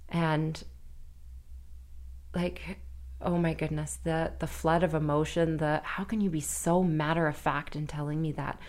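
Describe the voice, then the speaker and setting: A woman in her thirties, a podcast guest telling an emotional personal story in an earnest, halting way with nervous laughs. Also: sits low, level tone, a little mellow.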